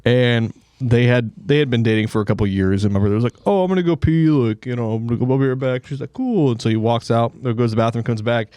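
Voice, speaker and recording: Man, middle pitch, dry close sound, rambling casual story, many fillers. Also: steady tone, quick pace, hardly any pauses, a little mellow, no echo. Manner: rambling, filler-heavy, acts out voices in his stories. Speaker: podcast host or guest.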